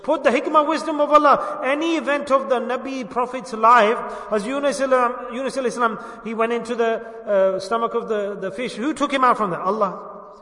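A male preacher with a high, ringing, bright voice delivers a sermon, firing questions at his listeners and answering them himself. The sound is echoey and comes from a distance across a large hall. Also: fairly quick. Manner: asks the audience questions and answers them himself, urges them to say it loudly. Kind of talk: religious sermon with call-and-response.

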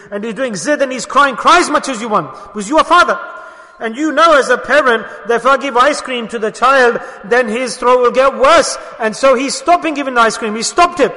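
A man preaching a sermon in an emphatic way, asking rhetorical questions and dropping to soft murmurs. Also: very high-pitched, brisk, in a large hall.

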